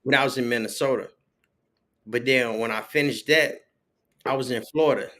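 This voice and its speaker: A podcast guest chats casually in a mid-range, bright and forceful voice at normal speed, with a little hiss or hum on the recording. He tells stories packed with loose slang and acts out the voices of the people he quotes.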